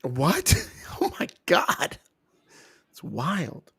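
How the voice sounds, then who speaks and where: A man's voice: a little high, wildly swooping pitch, very slow, gravelly, sharp tone, slightly rough. A young man co-hosting a wrestling review, talking in casual, joking banter with teasing asides.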